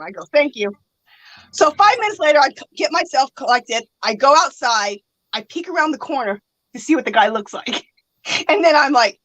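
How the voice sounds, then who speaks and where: Lively, laughing woman telling a story. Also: high voice, brisk, no echo, low-quality recording. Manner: animated, laughs often, acts out quoted voices. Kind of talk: casual storytelling chat.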